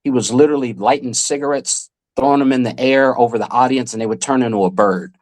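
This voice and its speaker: A man's voice: medium pitch, fast talker, darkish tone. A man in his forties, a guest magician and former child actor, telling vivid anecdotes in a casual podcast chat.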